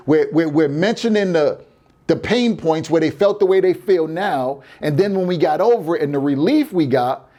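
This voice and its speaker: A man's voice: on the high side, expressive, moderate pace, warm tone. A man hosting a sales podcast, coaching in a casual way, often repeating words and acting out what customers say.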